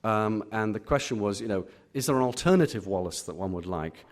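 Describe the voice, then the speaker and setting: A middle-aged Englishman, a literary critic answering audience questions at a live reading, full of pauses and restarts. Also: fairly low pitch, lively intonation. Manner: hesitant, many fillers and restarts. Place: auditorium.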